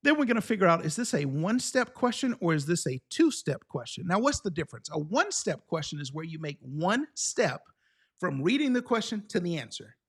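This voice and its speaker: High-voiced energetic male exam coach. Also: a little fast, breathy edge. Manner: energetic, checks in often with the class. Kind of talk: live online lesson.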